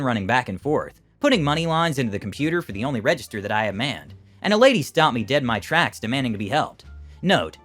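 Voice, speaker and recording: A man giving an expressive, scripted narration of first-person internet stories. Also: medium pitch.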